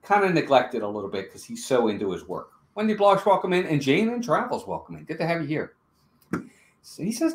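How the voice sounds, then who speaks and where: A man's voice: mid-range voice, huge pitch swings, brisk, reverberant. A man co-hosting a live-streamed movie review, chatting and greeting viewers in the chat. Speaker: podcast co-host.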